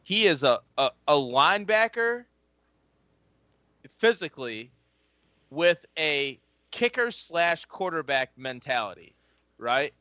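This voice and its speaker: A man and former football player chatting casually as a podcast guest, rambling and swearing freely as he tells animated stories. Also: a little high, slow pace, long pauses, no room sound, muffled recording. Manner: rambling, profane, animated storytelling. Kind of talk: casual chat.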